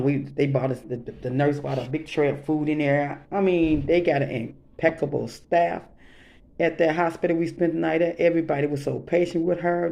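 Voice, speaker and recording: A woman's voice: sits low, dark tone. A woman talking to her viewers in a casual vlog monologue, earnest and repetitive, circling back over her points with many restarts. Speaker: vlogger.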